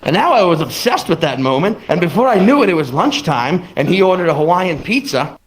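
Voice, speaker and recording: A young man doing stand-up, telling an animated story and laughing through it. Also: high-pitched, a little fast. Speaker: stand-up comedian. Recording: roomy stage sound with background noise.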